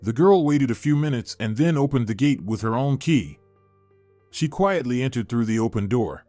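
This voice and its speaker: A man reading a dramatic story aloud in an even, measured storytelling manner. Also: mid-range voice, dry recording, faint music behind. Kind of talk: scripted story narration.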